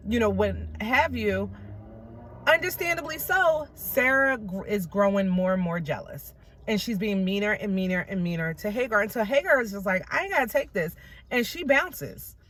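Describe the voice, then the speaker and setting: A woman hosting a casual Bible study vlog, retelling scripture in an animated way with slangy asides. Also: medium pitch.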